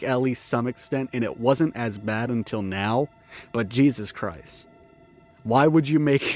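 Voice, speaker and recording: A man mid-rant in a commentary video, swearing constantly and breaking off to laugh at his own tangents. He sounds slightly out of breath from the cold, with a voice of ordinary middle pitch. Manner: profane, swears freely, self-interrupting with laughs and asides. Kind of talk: ranting video-essay commentary. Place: outdoors in the cold.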